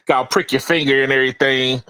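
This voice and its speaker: A man hosting a casual tech podcast, animated, laughing often and repeating words as he talks. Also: a little high, no room sound, rough recording. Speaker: podcast host.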